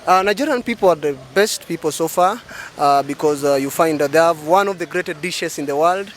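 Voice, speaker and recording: A man's voice: fairly high pitch, fairly quick, slight background noise. A man answering street interview questions, hesitating often with fillers. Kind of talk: street vox pop.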